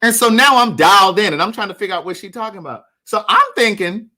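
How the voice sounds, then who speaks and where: A man's voice: high voice, very animated, fast talker, sharp tone. A man hosting a livestream, telling a story casually and animatedly while addressing viewers by name. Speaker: livestream host.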